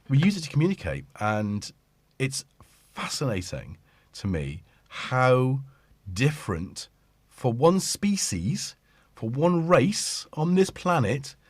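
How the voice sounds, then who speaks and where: A man's voice: mid-range voice, dry recording. A middle-aged British man hosting a livestream, chatting casually into a studio mic and often interrupting himself. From Britain. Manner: rambling, self-interrupting, chatty with the audience. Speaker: livestream host. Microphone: studio microphone.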